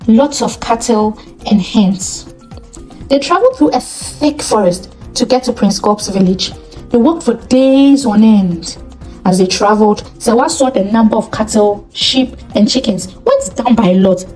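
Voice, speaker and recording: A woman telling a folktale as a channel's storyteller, in expressive scripted narration. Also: on the high side, poor audio. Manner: expressive, moralizing at the end.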